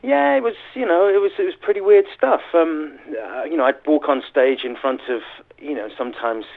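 A man's voice: on the high side, moderate pace, creaky. Chatty man on a tinny phone line. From England. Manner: chatty, laughing anecdotes. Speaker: guest musician. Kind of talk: casual interview storytelling.

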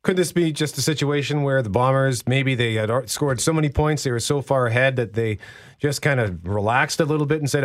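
A man's voice: mid-range voice, fairly quick. A man hosting morning radio in a playful, chatty way. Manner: lively, playful host. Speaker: radio host.

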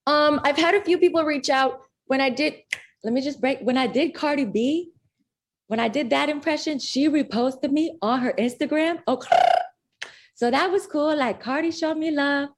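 A woman's voice: high voice, normal speed. A woman comedian from Minnesota, a guest in a casual interview, chatty and rambling.

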